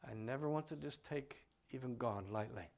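A man with a mid-range voice and vocal fry preaches at normal speed. He is emphatic, asks his listeners many questions, and swings between loud declarations and quiet asides.

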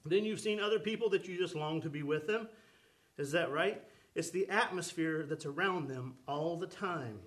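A man's voice: fairly high pitch, moderate pace, a bit bright. A man preaching a sermon with fervor, calling out to the congregation for responses. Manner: fervent preaching with calls to the congregation.

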